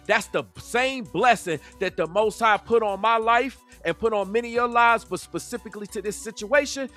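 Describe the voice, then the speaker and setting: A man's voice: high voice, bright, forceful tone. A man hosting a livestream commentary, preachy and emphatic, stretching words out in a sing-song way. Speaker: commentary channel host.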